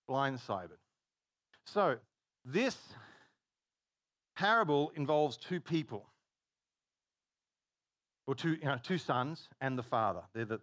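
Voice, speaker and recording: Studio-quality, echo-free audio captures a man whose voice is mid-range and a bit bright. His sermon feels like a chat: stories, self-interruptions mid-sentence, and dialogue he plays out.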